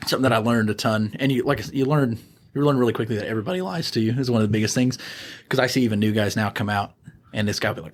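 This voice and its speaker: Podcast guest, male, quick delivery, lively storyteller who voices the characters. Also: mid-range voice. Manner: animated storyteller, acts out voices. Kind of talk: casual storytelling.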